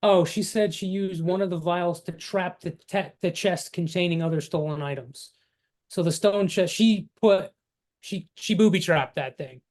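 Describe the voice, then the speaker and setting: A man narrating a tabletop game as game master, halting and restarting as he describes scenes and characters. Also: sits high, darkish tone.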